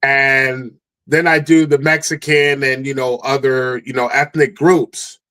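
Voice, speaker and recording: A male comedian on a video call, telling stage stories in a lively podcast chat. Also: mid-range voice, a little slow, smooth. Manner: animated storyteller, acts out his stage bits. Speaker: comedian guest.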